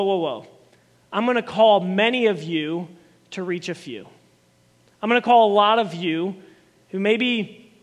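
A man preaching a sermon as a pastor, animated, with emphatic repetition and voiced quotes. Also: high voice, long reverb tail.

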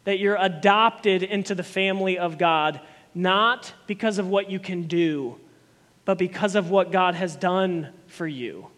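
A man preaching a sermon as a pastor, animated, with emphatic repetition and voiced quotes. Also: high-pitched, unhurried, long reverb tail.

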